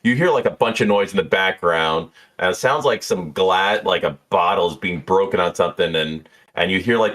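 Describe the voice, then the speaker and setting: A man's voice: sits low, moderate pace, few pauses, fairly bright tone. A man narrating as game master in a casual, easygoing way with many fillers. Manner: easygoing, filler-heavy description.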